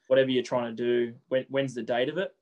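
A man, a coach answering interview questions in quick runs with frequent repeated words. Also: mid-range voice, steady tone, darkish tone, highs cut off.

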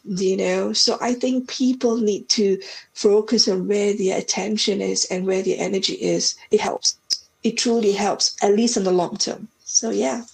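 Woman guest in her 40s, from Singapore; heartfelt, reflective storyteller, mid-pitched voice. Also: steady tone, unhurried, gravelly, darkish tone, low-quality recording. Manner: heartfelt, reflective, with many restarts. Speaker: podcast guest. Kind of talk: emotional personal storytelling.

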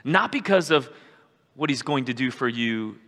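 Bright-voiced man preaching in a reverberant hall. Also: medium pitch, expressive, moderate pace. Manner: conversational, asks "right?" often, bursts into shouts. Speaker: pastor. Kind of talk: sermon. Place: church sanctuary. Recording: live church hall with long reverb.

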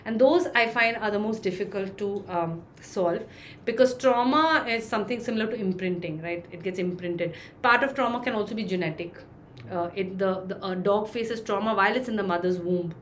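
A woman's voice: medium pitch, fairly quick, a little hiss or hum. Woman dog trainer explaining patiently. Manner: explains with acted-out examples, many fillers. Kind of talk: interview answer, explaining.

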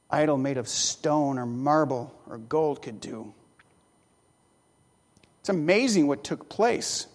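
A preacher delivering a sermon, telling a story with rhetorical questions and wry asides. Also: mid-range voice. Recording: long hall reverb.

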